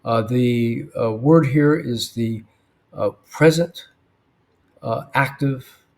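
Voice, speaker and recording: A man teaching biblical Greek verse by verse, thoughtful, with frequent fillers and throat clearing. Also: medium pitch, slow pace, a little mellow.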